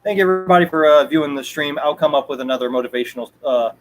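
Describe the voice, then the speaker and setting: A young man on a livestream, delivering an emphatic rant in a fairly high voice. He repeats his points to drive them home and swears now and then. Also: fairly even intonation, racing, low-quality recording. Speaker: streamer. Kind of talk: ranting livestream monologue.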